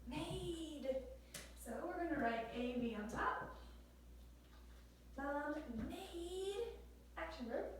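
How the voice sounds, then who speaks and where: A high-pitched woman walks a class through grammar, coaxing and repeating questions. She sounds set back from the mic in a very echoey room with a faint hiss. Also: lively intonation, slow, pauses often, recorded from a distance. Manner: encouraging, repeats questions, drawls y'all. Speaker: teacher.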